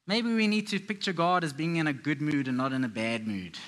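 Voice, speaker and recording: A man's voice: fairly high pitch, brisk, a bit bright. A man preaching a sermon to a live congregation, telling Bible stories in a playful, conversational way. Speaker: pastor.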